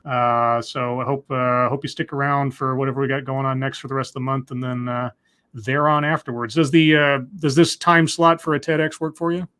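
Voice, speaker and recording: A man's voice: mid-range voice, flat delivery, fairly quick, a bit bright, clear, resonant tone. A man hosting a live call-in stream, chatting casually and joking, with lots of fillers and restarts. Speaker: livestream host.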